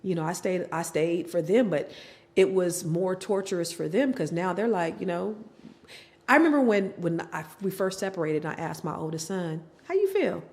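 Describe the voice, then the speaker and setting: Animated middle-aged woman telling her story. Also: on the low side, moderate pace. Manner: animated, acts out quoted family members. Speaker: podcast guest. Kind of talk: candid personal storytelling.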